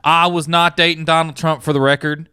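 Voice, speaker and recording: A brash, washed-up male rock star, as a man puts him on, boasting in a smooth, bright voice set a little high. He laughs through his own bragging. The sound is dry and close. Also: level tone, a little fast, dry recording. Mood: boastful. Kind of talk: comedy script table read.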